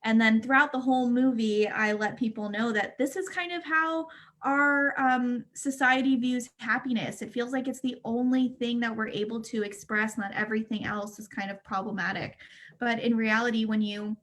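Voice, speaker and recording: A woman speaking in a calm, explanatory way as a mental health speaker in a casual discussion. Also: a little high, normal speed, a little hiss or hum.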